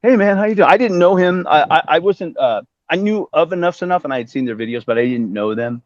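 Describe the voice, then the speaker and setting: Animated storytelling man, lively pitch. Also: fairly quick, no echo. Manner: animated, acts out quoted voices, swears freely. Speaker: musician guest. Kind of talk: casual storytelling. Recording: dull dry lo-fi sound.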